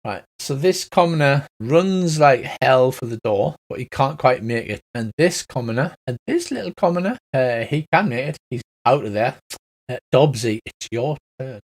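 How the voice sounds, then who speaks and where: A man's voice: medium pitch, expressive, moderate pace. Man running a tabletop game. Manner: chatty, laughing, acts out creatures and crowds. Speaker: game master.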